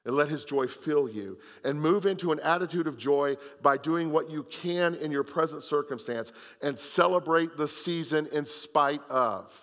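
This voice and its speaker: A man preaching a sermon, reading scripture aloud and swinging between loud emphasis and hushed moments. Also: on the high side, normal speed, few pauses, in a large hall. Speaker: pastor.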